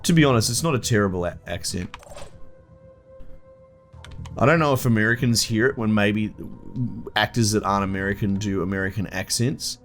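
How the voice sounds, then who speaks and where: Over faint background music, a young Australian gameplay host comments on a strategy game in a fairly low voice, speaking a little fast and pausing often. He swears freely, stays blunt and chatty, and mutters at the game.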